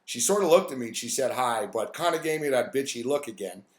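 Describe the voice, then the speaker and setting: A man telling a long, swearing-laced workplace story on a live stream, quoting coworkers and his own thoughts as he goes. His voice sits at an ordinary pitch. It rings in a noticeably echoey room. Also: quick pace. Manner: profane, rambling, animated anecdote telling. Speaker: host.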